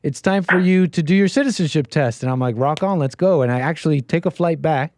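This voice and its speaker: A man's voice: a little high, a little fast, darkish tone, dry recording, studio quality. A man from Canada hosting a call-in show, chatting casually with a caller and laughing often. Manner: laughs often, easygoing banter. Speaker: radio show host.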